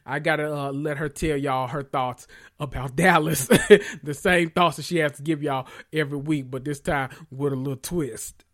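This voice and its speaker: A man hosting a casual reality TV recap podcast, talking in an animated and profane way. He repeats lines for emphasis, and his voice sits fairly high for a man. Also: moderate pace. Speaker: podcast host.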